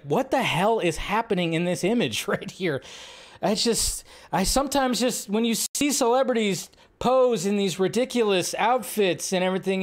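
Male livestream host, loose rambling chat, slightly higher-pitched voice, now and then shouts out quoted lines. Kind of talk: casual livestream commentary.

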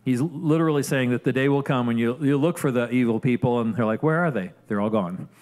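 A man preaching a sermon in a loose, conversational manner. His voice sits at a middle pitch, and he keeps checking in with his listeners as he goes. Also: fast, a little mellow. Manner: conversational, frequent "right?" asides and restarts. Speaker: pastor.

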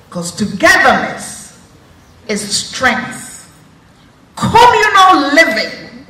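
A woman telling a folktale at an unhurried pace, her bright voice rising and falling a lot. She sounds a little far from the mic in a roomy space, with faint noise underneath. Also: on the high side. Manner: slow, lilting, chuckling asides. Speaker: storyteller. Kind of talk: folktale narration.

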